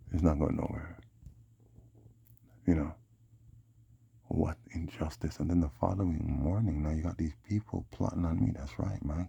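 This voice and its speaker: Deep husky guy ranting to his phone, keeps saying man, dry close sound. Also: warm tone, dry recording. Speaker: vlogger. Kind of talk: rambling casual monologue.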